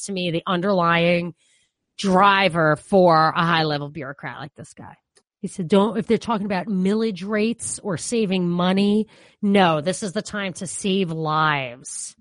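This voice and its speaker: A New York woman with a strong local accent co-hosts a casual political talk show, sounding animated and opinionated and scattering "you know" throughout. Her voice is fairly low, and the recording is dry.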